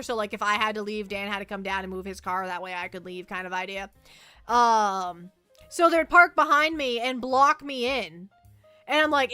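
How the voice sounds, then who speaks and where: A woman streaming as a VTuber, chatting casually in a rambling, animated way and reacting to her chat. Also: fairly high pitch, clear, resonant tone, dry recording. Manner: rambling, animated storytelling, reads chat aloud.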